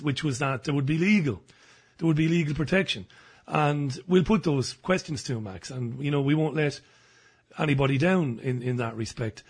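A man hosting a radio interview, measured and conciliatory with his guest. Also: mid-range voice, husky. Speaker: host.

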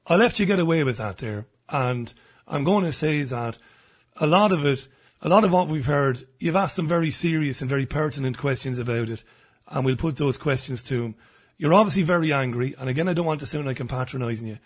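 A man hosting a radio interview, measured and conciliatory with his guest. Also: on the high side, breathy edge. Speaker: host.

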